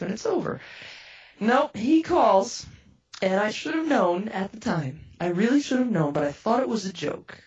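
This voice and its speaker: A woman, a radio producer, telling a personal story in a lively way and acting out both sides of the conversations she recounts. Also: medium pitch, measured pace, far from the mic, muffled recording.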